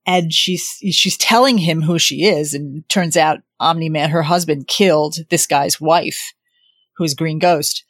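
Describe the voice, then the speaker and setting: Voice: mid-range voice, measured pace, fairly bright tone, dry recording, clean studio sound. A speaker in casual podcast chat, emphatic, swearing and often laughing. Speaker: podcast co-host.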